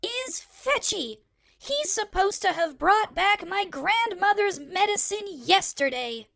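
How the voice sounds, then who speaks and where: A woman voicing a spoiled, self-pitying young princess in an audiobook, shrill and indignant. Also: very animated, takes it slowly, vocal fry, bright, forceful tone, full character voice. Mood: scolding. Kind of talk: audiobook character acting.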